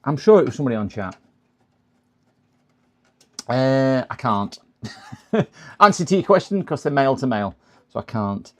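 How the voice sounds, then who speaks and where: A man's voice: medium pitch, animated, moderate pace, long pauses, fairly bright tone. A man casually talking through a computer repair on a live stream, muttering to himself and chatting with viewers. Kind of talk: casual running commentary while working.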